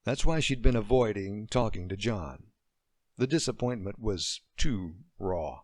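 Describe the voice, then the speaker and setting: A man narrating a romance novel as an audiobook, reading slowly and expressively. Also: fairly low pitch, lively intonation, no room sound, studio quality. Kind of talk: scripted narration.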